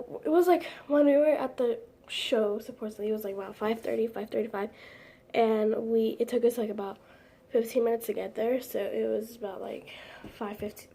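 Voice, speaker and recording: A woman's voice: on the high side, dark tone, slightly rough. A teenage girl chatting casually to camera at home, rambling with lots of "like" fillers and giggles. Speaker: vlogger.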